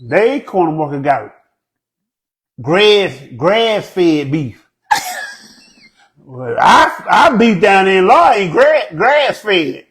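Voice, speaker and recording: A comedian telling funny stories in an animated way, slipping into a put-on proper voice. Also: male voice, high voice, drawn-out words, long pauses, low-quality recording. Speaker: comedian guest. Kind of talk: comic storytelling.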